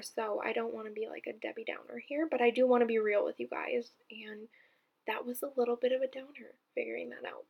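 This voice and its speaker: A young woman talks through her solo podcast in a loose, chatty way, with a gravelly fry at the ends of her phrases. Her pitch sits in an ordinary middle range. She gushes, trips over her words and restarts them often. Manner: chatty, gushing, many fillers and restarts. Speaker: podcast host. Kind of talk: casual solo podcast chat.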